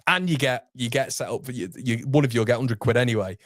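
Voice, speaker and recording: A man's voice: medium pitch, no room sound, studio quality. Chatty young man. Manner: chatty, self-deprecating, quick asides to viewers. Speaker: host. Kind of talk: casual livestream chat reading viewer comments. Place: home streaming studio.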